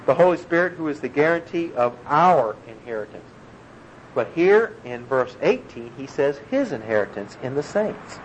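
A man's voice: mid-range voice, sing-song, normal speed. A man preaching an earnest, emphatic sermon, explaining a scripture passage verse by verse. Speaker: pastor. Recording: dull lo-fi recording with faint room noise.

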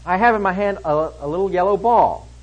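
A man preaching an expository sermon, emphatic, swinging between loud stresses and hushed lines. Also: high voice, brisk, highs cut off.

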